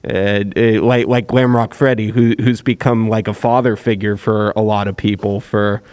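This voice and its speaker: Joking young-sounding voice actor on panel. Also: male voice, lowish voice, level tone, a little mellow, clear, resonant tone. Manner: joking, quick laughs, restarts. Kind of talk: casual panel chat. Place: convention panel room.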